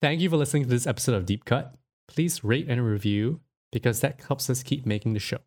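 A man hosting a film podcast in a loose, chatty way, full of fillers and quick laughs. His voice sits at an ordinary middle pitch, and he leans into the talk with animated energy. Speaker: podcast host. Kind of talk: casual film discussion.

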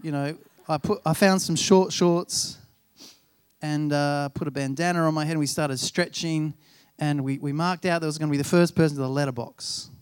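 A man's voice: a little high, steady tone, moderate pace, clean tone, no room sound. A man in his thirties, a pastor preaching a sermon in a chatty, self-deprecating way, acting out bits of dialogue as he tells stories. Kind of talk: sermon with personal storytelling.

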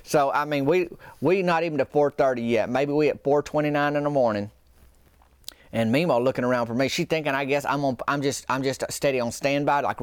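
A man's voice: mid-range voice, smooth, dry recording. A man hosting a podcast, telling a comic story in a folksy, meandering, self-deprecating way. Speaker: podcast host.

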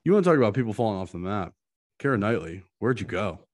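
A man's voice: on the low side, big pitch swings, fast. A man co-hosting a podcast in casual chat, joking and laughing often and swearing freely. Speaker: podcast co-host.

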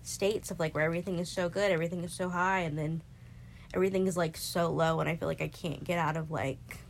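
A woman's voice: fast, creaky, slight background noise. A woman in her twenties talking expressively in a casual heart-to-heart from a bedroom, laughing often. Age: 20s. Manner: expressive, laughs often, jumps into high-pitched quoted voices. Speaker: friend confiding. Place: bedroom, in bed.

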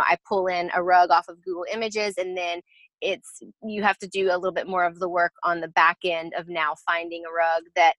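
A woman's voice: medium pitch, fairly bright tone, dry recording, rough recording. A woman interior designer explaining her work process in a casual interview, chatty and full of fillers and restarts.

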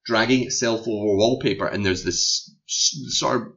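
A man's voice: lowish voice, normal speed, lo-fi sound. A man with a Scottish accent, chatting casually about a film he watched, animatedly acting out the scenes and the movie's reactions. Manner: animated, acts out scenes and the movie as talking characters. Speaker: film podcast co-host. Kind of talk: casual film review chat.

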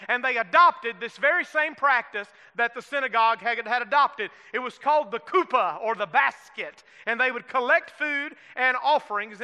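A man's voice: very high-pitched, bright, forceful tone, clean tone. A man with a Southern US accent preaching a sermon in a folksy way, calling for amens and asking the congregation questions. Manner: folksy, calls for amens, asks the room questions. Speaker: pastor. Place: church sanctuary. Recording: long hall reverb.

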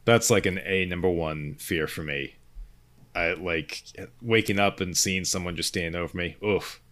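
In a casual movie-review conversation, this male co-host speaks at normal speed in a low, somewhat bright voice, faltering and hedging with frequent restarts.

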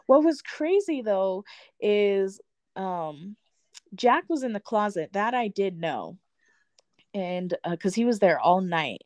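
A woman's voice: medium pitch, expressive, measured pace, dry recording, studio quality. A woman in casual conversation, telling a personal story with frequent laughs and free swearing. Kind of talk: casual chat.

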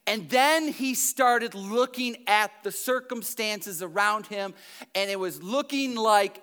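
A high-pitched man with a bright, forceful tone preaches a sermon in a church. His delivery swings between loud emphasis and hushed, slowed passages. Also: clear, resonant tone. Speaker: pastor.

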